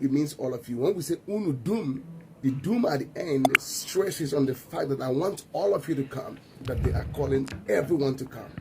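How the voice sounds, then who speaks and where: A man with a Nigerian accent, talking excitedly to camera about words he has noticed. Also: on the high side, noisy background. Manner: excited, animated storytelling. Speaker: commentator. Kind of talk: casual commentary to camera.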